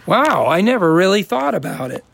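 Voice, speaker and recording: Man, Midwestern accent, gravelly voice, slightly high pitch, rambling casual interview talk. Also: big pitch swings, moderate pace, fairly bright tone. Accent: American Midwestern. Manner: rambling, self-correcting, laughs easily. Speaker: actor guest.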